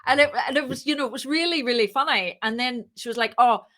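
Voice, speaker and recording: A woman's voice: high-pitched, quick pace. A woman who co-founded a startup, chatting casually in an interview and acting out the dialogue in her stories. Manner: chatty, animated, acts out quoted dialogue.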